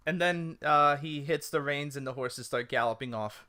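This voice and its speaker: A man's voice: fairly high pitch, moderate pace. A man narrating as game master of a tabletop role-playing game, laughing often between lines. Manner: animated, laughs often, puts on brief voices.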